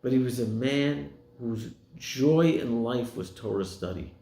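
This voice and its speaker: A man's voice: a little slow, vocal fry, warm tone. A man rabbi giving a sermon, telling stories and acting out the people in them. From United States. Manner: storytelling, voicing quoted people with rising pitch. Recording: echoey room.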